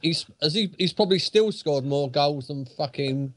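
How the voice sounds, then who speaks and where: A man's voice: a little high, normal speed, a bit bright, a little hiss or hum. Blunt, sweary ranting man. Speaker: podcast guest. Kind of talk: casual chat on a call.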